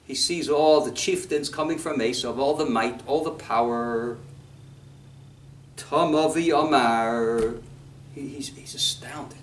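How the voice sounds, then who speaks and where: This male rabbi speaks at a medium pitch, preaching on scripture in a congregation hall. His storytelling is animated, shifting between English and quoted Hebrew texts. The recording carries room echo from a distant mic.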